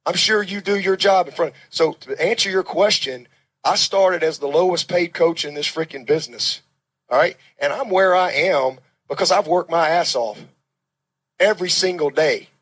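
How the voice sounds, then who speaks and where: A football coach answering a press conference question in a heated, defensive way, repeating himself. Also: male voice, on the high side, moderate pace, fairly bright tone, low-quality recording.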